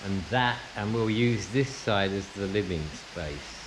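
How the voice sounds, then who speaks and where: A man's voice: fairly low pitch, unhurried, noisy background. A man casually narrating a tour of his house as a vlogger, rambling, with frequent restarts. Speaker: vlogger giving a home tour. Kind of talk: casual walk-through narration. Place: indoors in a house, then outdoors at a plantation.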